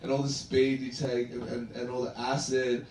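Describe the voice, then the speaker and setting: A man's voice: mid-range voice, level tone, moderate pace, darkish tone. An Australian man doing a loose, rambling roast set on a comedy club stage, peppering everything with man and dude. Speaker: stand-up comedian. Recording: echoey club room, distant mic, background noise. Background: audience laughter.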